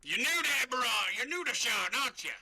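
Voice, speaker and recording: A man's voice: extremely high pitch, sing-song, fast talker, pushed and bright, breathy edge, voice pushed up, exaggerated voice. A man voicing a blunt, dismissive male guard captain in a tabletop game. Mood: gruff.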